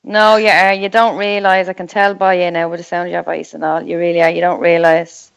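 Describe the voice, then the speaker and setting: A woman with an Irish accent and a rough-edged voice, chatting casually and reassuringly, repeating her points. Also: on the low side, level tone, brisk, muffled recording. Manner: warm, reassuring, repeats herself. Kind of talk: casual chat.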